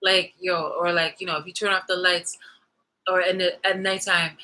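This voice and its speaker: A woman's voice: on the low side, little pitch movement, moderate pace, sharp tone, low-quality recording. A woman vlogging in a heated, profane monologue rant, restarting and repeating her phrases as she talks.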